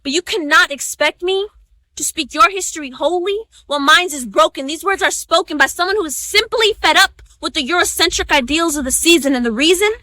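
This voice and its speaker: A woman's voice: very high-pitched, brisk, sharp tone, dry recording. A young woman performing a spoken-word oratory speech, reciting with rhythmic, emphatic stresses. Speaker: student orator.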